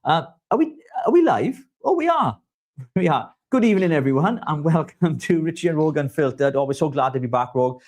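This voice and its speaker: A man's voice: fairly high pitch, a little fast. Chatty man hosting a live show. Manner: chatty, jokey, flattering. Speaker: co-host. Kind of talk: casual live-stream chat.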